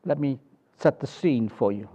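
A man preaching a sermon in a deliberate, emphatic way, often closing points with rhetorical tag questions. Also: medium pitch, expressive, mellow, breathy edge.

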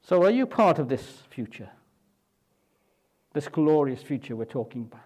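A man's voice: fairly high pitch, sing-song, moderate pace, darkish tone, husky. A man pastor preaching a sermon in a conversational way, often asking the congregation rhetorical questions.

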